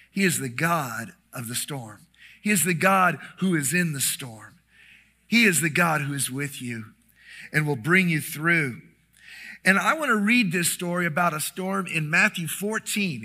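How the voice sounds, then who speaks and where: A middle-aged man preaching a sermon, telling a story with lively animation and acting out the quoted lines. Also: fairly high pitch. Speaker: pastor.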